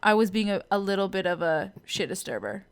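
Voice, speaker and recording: A woman's voice: mid-range voice, expressive, a little fast, clear, resonant tone. A woman co-hosting a podcast with her partner, chatting casually and teasing him. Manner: teasing, talkative. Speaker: podcast co-host. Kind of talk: casual chat.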